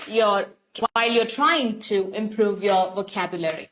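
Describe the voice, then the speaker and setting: This is a live online English lesson taught by a young woman with an Indian English accent. She sounds unhurried and steady, at a medium pitch. She walks through the steps at length, repeats points, and says hello to viewers by name.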